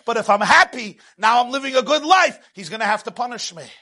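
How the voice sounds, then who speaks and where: Male religious teacher preaching; high, bright voice; lively delivery that swings between hushed and loud. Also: a little fast. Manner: animated, swings from hushed to loud, laughs at own jokes. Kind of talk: sermon.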